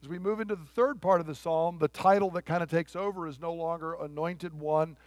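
A man preaching a sermon with emphatic delivery, swinging between forceful passages and quiet ones and acting out quoted lines. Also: a little high, steady tone, brisk, dry recording. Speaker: pastor.

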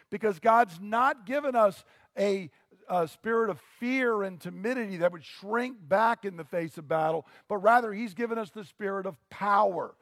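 A man's voice: high voice, lively intonation, moderate pace, no room sound, clean studio sound, in a large hall. A pastor preaching a sermon to his congregation, earnest and teaching, with rhetorical questions.

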